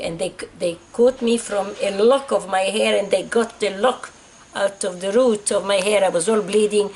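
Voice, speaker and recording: A woman's voice: mid-range voice, steady tone, moderate pace, darkish tone, a little hiss or hum. A woman in her eighties from Egypt telling her personal story in an emotional, repetitive way. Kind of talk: personal testimony.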